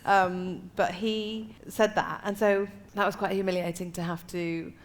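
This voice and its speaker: Animated woman comic telling stories. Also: lowish voice, unhurried. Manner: animated anecdotes, laughing often. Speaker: stand-up comedian, guest. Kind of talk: live comedy podcast chat.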